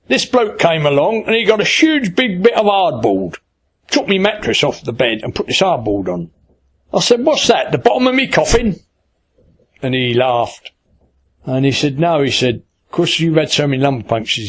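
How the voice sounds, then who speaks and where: Older man spinning a blunt yarn. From Kent, England. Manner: lively yarn-spinner, acts out quoted dialogue with raised pitch; blunt, humorous, colloquial. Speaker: angling broadcaster interviewee. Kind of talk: casual anecdotal storytelling.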